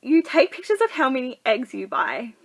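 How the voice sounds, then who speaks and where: A woman's voice: high voice, very animated, normal speed, slightly rough, poor audio. A young woman giving casual dating advice in a chatty vlog, full of fillers and acted-out quotes. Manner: chatty, full of likes, acts out quoted people. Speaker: vlogger.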